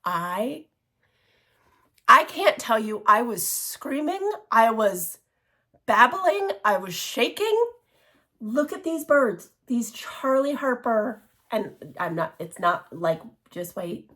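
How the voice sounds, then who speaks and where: A woman chatting casually in a show-and-tell craft vlog, gushing and excitable, with many restarts and laughs. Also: a little high, slow pace. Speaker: cross-stitch vlogger.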